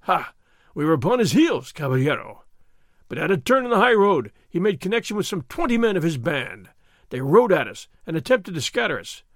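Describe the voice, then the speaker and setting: In an audiobook reading, a man voices a loud, bullying army sergeant who blusters and makes threats. The voice sits high, and the studio-quality recording has no echo.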